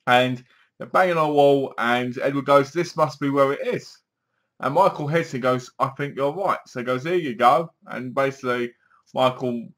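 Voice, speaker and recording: Guy chatting thru a tv episode review, mid pitch, plays out the scenes as he goes. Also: a bit bright. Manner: chatty, acts out scenes with sighs and gasps. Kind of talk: casual spoken review.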